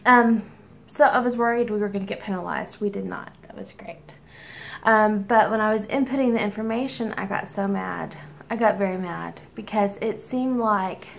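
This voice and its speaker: Chatty woman with a gravelly edge. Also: medium pitch, a little hiss or hum. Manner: candid, chatty, frequent ums and soft laughs. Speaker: teacher and vlogger. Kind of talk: casual personal vlog chat. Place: at home.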